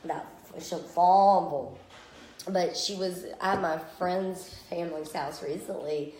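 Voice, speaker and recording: A woman who is a friend and guest in a casual chat. She reacts quickly and laughs easily. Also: fairly low pitch, fairly even intonation. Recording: roomy echo with faint background noise.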